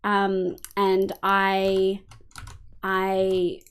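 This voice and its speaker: An Australian woman live-streams a game, chatting casually with viewers, answering them, thinking aloud, and swearing freely. Her mid-range voice is monotone and clean in tone, and she speaks extremely slowly.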